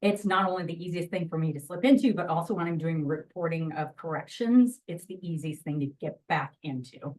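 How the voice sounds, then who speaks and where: A woman audiobook narrator giving a lively, chatty presentation about her work to an audience in a lecture room. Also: low-pitched, brisk, few pauses, far from the mic, low-quality recording. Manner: lively, chatty, jumps into voice demos.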